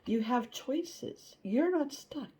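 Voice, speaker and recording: Woman tarot reader, warm mellow voice, casual and blunt, faint hiss behind her. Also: high voice, slow pace, rough recording. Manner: chatty and animated, acts out inner voices; blunt, swears now and then.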